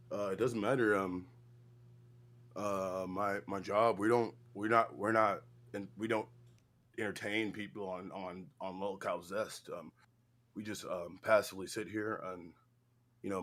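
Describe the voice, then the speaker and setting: A man's voice: lowish voice, fairly even intonation, a little slow, pauses often, a bit bright, pitched below the performer's own voice. A man doing an impression of a listless young male streamer who mumbles through filler words.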